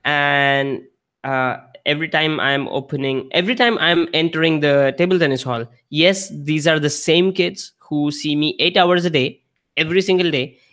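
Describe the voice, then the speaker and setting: A man's voice: on the high side, normal speed, a bit bright, clear, resonant tone. A man hosting a casual live-stream chat, speaking hesitantly and often restarting his sentences. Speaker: host.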